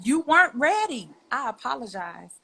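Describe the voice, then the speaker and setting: Young woman pouring out an apology, bright breathy voice, emotional and earnest. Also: high-pitched, very animated, moderate pace, rough recording. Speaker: guest. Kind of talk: heartfelt spoken apology.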